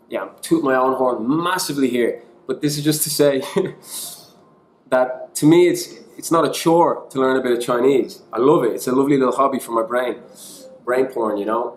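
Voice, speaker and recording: A man's voice: medium pitch, slight background noise. An Irish man giving a casual teaching talk, chatty and self-deprecating, mixing in bits of other languages. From Ireland. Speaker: online English teacher. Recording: echoey room.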